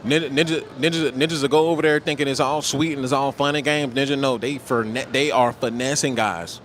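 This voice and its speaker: An American man hosts a livestream in a mid-range, steady, slightly bright voice, speaking briskly over faint background noise. His talk is casual, slangy and emphatic, and he caps nearly every point with "right?"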